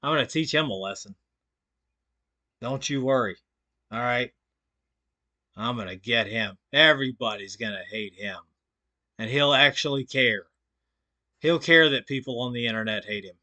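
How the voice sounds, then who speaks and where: A man's voice: mid-range voice, moderate pace, pauses often, sharp tone. A man co-hosting a live stream, reacting with sarcastic, profane mockery in a casual chat. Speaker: stream co-host.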